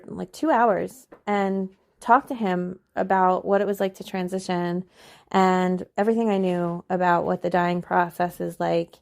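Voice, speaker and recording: Woman, young adult, podcast host, casual personal story, soft and soothing at times, gravelly edge. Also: on the low side. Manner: soft, slow and soothing when recalling what she told him; casual, with many "like"s.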